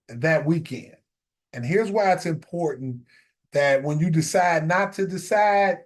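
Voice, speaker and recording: A man's voice: medium pitch, a little mellow. A middle-aged man telling a personal story in a casual, reflective way, repeating key phrases for emphasis before drawing a life lesson.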